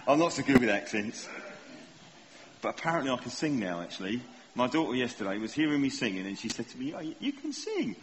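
Preacher in a reverberant hall. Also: male voice, mid-range voice, expressive, fast. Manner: conversational, self-deprecating, asks the congregation questions. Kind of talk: sermon. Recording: long hall reverb, faint ambience.

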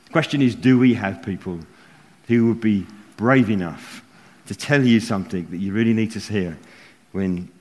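A man's voice: lowish voice, moderate pace, a little mellow. A man preaching a sermon, telling stories with frequent chuckles. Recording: long hall reverb.

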